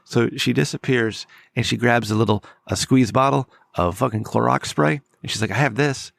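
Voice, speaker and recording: A hoarse middle-aged man with a sore throat, a podcast host telling a long, rambling story, swearing and laughing at himself. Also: medium pitch, normal speed, a bit bright. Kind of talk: casual podcast chat.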